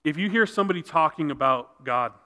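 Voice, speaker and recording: Man preaching, earnest sermon delivery, bright forceful tone, long echoing reverb. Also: on the high side, lively intonation, a little fast. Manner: earnest preaching, drops to soft intense tones for emphasis. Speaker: pastor. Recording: reverberant hall sound.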